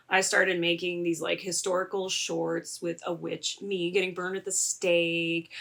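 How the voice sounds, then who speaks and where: A young adult woman, a content creator, telling a story in a casual vlog with animated sarcasm. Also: mid-range voice. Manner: animated and sarcastic, laughing often.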